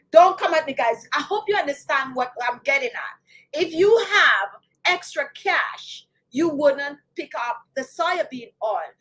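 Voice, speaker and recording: Jamaican lady chatting to her viewers, high voice, animated. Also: low-quality recording. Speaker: beauty channel host. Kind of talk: casual talk to camera.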